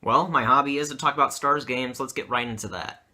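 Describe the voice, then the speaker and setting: Bright-voiced young hockey fan man. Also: mid-range voice, steady tone, a little fast. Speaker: guest hockey fan youtuber. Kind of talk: casual game recap.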